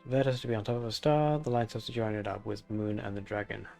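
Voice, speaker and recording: A man streaming a game, thinking aloud in a low-key, casual way. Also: level tone, fast talker, gravelly, mellow, soft background music.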